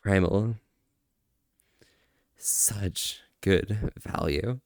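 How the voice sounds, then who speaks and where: A man streaming and chatting casually, soft-spoken, drawing out slow words of praise. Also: on the low side, dry recording, clean studio sound. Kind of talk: casual livestream chat.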